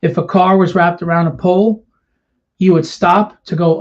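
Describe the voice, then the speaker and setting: A man's voice: high voice, steady tone, normal speed. A man ranting to camera, bitter and confrontational, firing rhetorical questions at his audience. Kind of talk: impassioned rant to camera. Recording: dull lo-fi sound.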